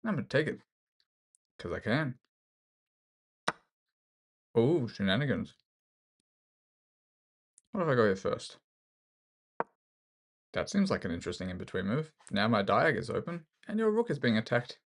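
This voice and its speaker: A chess streamer with an Australian accent thinks aloud while playing online, his medium-pitched voice very animated, with vocal fry and frequent pauses at a measured pace. He jokes around and pokes fun at himself as he goes.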